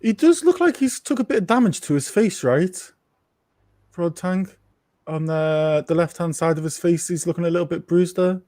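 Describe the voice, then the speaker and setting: A man co-hosting a live fight watch-along, chatting casually and jumping up in pitch when he reacts. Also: animated, moderate pace, warm tone, no echo, clean studio sound. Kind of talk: casual live commentary chat.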